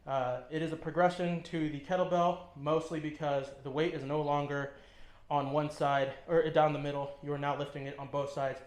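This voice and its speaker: Male fitness trainer, slightly high voice, casual step-by-step cues, echoey gym room. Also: flat delivery, moderate pace, few pauses. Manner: talks while lifting, short coaching cues with frequent ums. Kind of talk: instructional demonstration. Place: gym, indoors.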